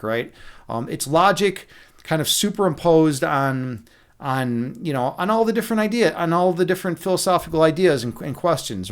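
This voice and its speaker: A middle-aged man hosting a livestream, chatting casually and loosely, with many restarts, fillers and the odd curse. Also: medium pitch. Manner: loose and profane. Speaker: livestream host. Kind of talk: rambling casual livestream chat.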